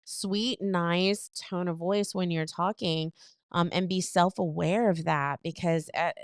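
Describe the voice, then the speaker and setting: A woman with a lowish, smooth, clear voice chats on a relationship podcast. She talks loosely with lots of fillers and acts out quoted lines with bursts of emphasis. The sound is close and dry. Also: slow pace, no room sound. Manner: chatty, filler-heavy, animated retellings. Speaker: podcast co-host. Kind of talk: casual advice chat.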